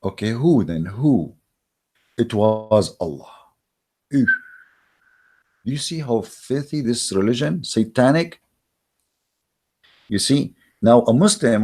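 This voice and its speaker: A man's voice: medium pitch, expressive, unhurried, darkish tone. A man hosting his channel with a religious debate monologue, speaking in an emphatic, mocking way with frequent hesitations. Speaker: channel host. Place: Germany.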